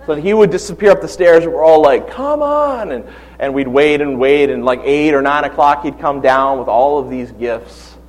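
A man in his forties preaching a sermon, telling funny personal stories with animated, humorous asides. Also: mid-range voice, normal speed, rough recording. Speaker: pastor.

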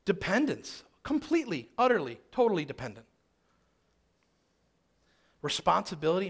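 A man's voice: fairly high pitch, moderate pace, a bit bright. A man in his thirties telling a personal story in a sermon, emphatic and fond of repeating phrases for rhythm.

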